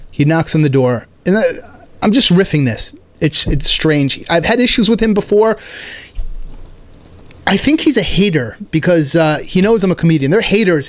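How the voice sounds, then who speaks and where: A man hosting a comedy podcast, riffing in a rambling, animated, self-mocking monologue indoors. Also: a little high. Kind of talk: casual rambling stand-up monologue. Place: indoor room.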